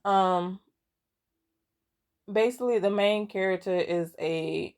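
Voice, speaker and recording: Young woman, unhurried and chatty, rambling recap with frequent laughs, mid-range voice. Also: medium pitch, clear, resonant tone. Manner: rambling, many fillers and restarts; laughs often, amused and expressive. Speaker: gaming content creator. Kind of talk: casual story recap.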